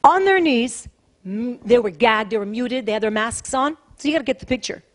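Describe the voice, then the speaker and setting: A woman pastor delivers a sermon to her congregation in a notably high voice. She talks in an easy, conversational way but leans hard on each point, repeating key phrases again and again. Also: animated, a little fast. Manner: emphatic and repetitive, conversational preaching.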